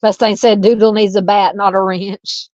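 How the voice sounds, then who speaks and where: A woman's voice: mid-range voice, little pitch movement, moderate pace, a little mellow, no echo, lo-fi sound. A woman with a Southern US accent hosting a true-crime live stream, chatting casually and reading out viewer comments. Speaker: livestream host.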